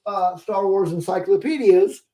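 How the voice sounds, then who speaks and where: A man's voice: high voice, unhurried, warm tone. A man hosting a podcast in casual chat, rambling and poking fun at himself, laughing often. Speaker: podcast host.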